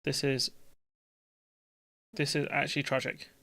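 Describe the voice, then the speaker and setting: A man's voice: medium pitch, little pitch movement, measured pace, gravelly, bright, forceful tone, no echo. A man, hosting a live stream and chatting casually with his viewers in a jokey, rambling, slangy way.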